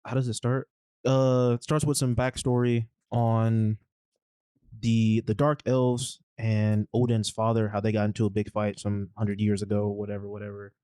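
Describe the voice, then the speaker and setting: A man with a fairly low, warm and mellow voice walks through a film's plot in loose, casual podcast chat. He rambles, throwing in slangy asides, and the sound is dry with no room echo. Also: flat delivery, normal speed, smooth. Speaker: podcast co-host. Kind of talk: casual movie recap chat.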